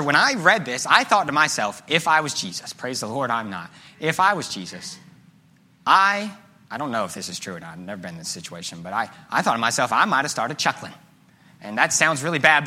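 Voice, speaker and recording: Animated, husky young preacher man. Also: fairly high pitch. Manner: animated, swings from loud to hushed. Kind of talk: sermon.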